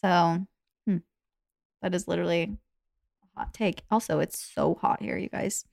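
A young woman from Arizona co-hosting a casual podcast, relaxed and agreeable, with quick reactions. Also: lowish voice, vocal fry, no room sound, studio quality. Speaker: podcast co-host. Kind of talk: casual chat.

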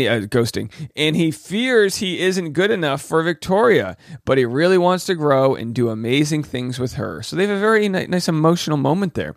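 A man's voice: a little high, creaky, no room sound, clean studio sound. A man hosting a podcast, recapping a reality show in a casual, joking way, with playful asides and mock voices. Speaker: podcast host.

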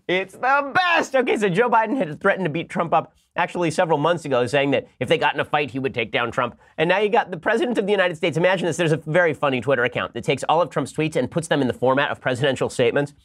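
Man, podcast host, quick delivery, slightly high voice, sarcastic, animated. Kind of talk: fast political commentary with ad read.

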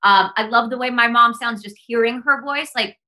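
A young woman talks on a podcast with a bright, forceful tone and a fairly high voice. She speaks earnestly and with passion, often saying "like" as she goes. She grew up in the United States. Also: moderate pace. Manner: impassioned, earnest, heavy use of "like". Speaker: podcast guest. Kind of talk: casual podcast conversation.

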